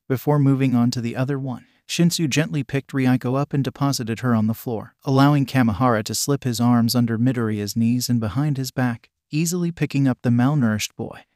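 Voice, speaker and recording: A man narrating a fan fiction story in a flat, even reading voice that changes little between characters. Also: mid-range voice, no echo, clean studio sound.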